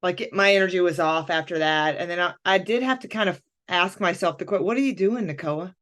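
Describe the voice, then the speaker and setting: A woman's voice: lowish voice, fairly quick. A woman coach telling a personal story in candid conversation, acting out her own thoughts as she goes. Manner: animated, acts out her own inner voice. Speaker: podcast guest, coach.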